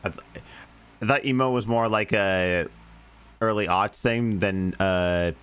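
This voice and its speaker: A man's voice: lowish voice, unhurried, a bit bright, smooth. A man hosting a reaction video, making wry and indignant asides. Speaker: reaction host. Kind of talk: casual reaction commentary.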